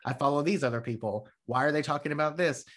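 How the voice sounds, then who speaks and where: Excitable, profane male podcast host. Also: a little high, quick pace. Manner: rambling, profane, excitable storytelling. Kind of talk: casual chat.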